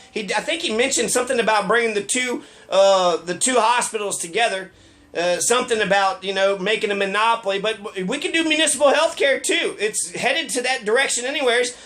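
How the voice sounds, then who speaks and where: High-pitched and bright, this Colorado man's voice carries a forceful tone. He works as a local political commentator, and here he delivers a loose, meandering political tirade, heavy on sarcasm and swearing.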